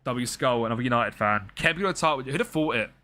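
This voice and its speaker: Young male streamer, bright forward tone, banters with chat while managing a team live. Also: medium pitch, animated, fast. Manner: chatty and jokey, talks to chat and game players. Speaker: game streamer. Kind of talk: live-stream game commentary chatting with viewers.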